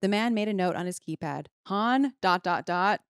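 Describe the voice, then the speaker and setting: A woman's voice: mid-range voice, normal speed, clear, resonant tone, dry recording, studio quality. A woman on a podcast reading a book passage aloud and voicing its dialogue. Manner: reads prose aloud with voiced dialogue. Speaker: guest commentator.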